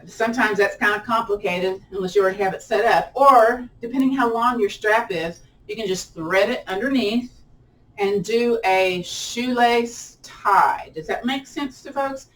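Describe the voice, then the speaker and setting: A woman's voice: moderate pace, far from the mic, slight background noise, poor audio. A woman leading a chatty guided yoga class, laughing often and letting her voice jump up when a stretch gets hard. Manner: playful, laughs often, pitch jumps up on effort. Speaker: yoga instructor.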